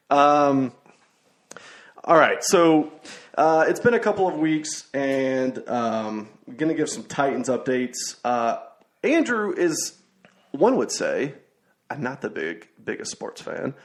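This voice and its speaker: A young man hosting a laid-back podcast chat. His voice has a gravelly, fry-edged texture, and he rambles through anecdotes with frequent fillers and restarts. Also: mid-range voice, very animated, unhurried. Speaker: podcast host. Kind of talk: casual chat.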